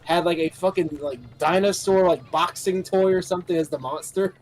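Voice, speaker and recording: A man's voice: high-pitched, moderate pace. A man chatting casually during a game stream, hesitant and full of fillers. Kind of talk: casual chat.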